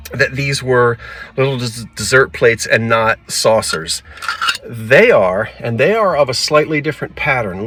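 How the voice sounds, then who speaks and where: A man's voice: medium pitch, noisy background. A man in his forties or fifties from South Jersey, with a slight South Jersey accent, chatting to himself and his viewers while browsing store aisles on a handheld phone camera. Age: 40s to 50s. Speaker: antiques vlogger. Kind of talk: casual thrifting vlog. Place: thrift store aisles, then a parked car.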